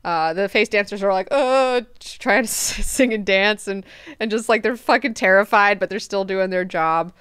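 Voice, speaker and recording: A woman's voice: medium pitch, normal speed, clear, resonant tone, dry recording, clean studio sound. A woman hosting a book club, casually retelling and reacting, with frequent swearing. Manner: profane, animated, chatty retelling.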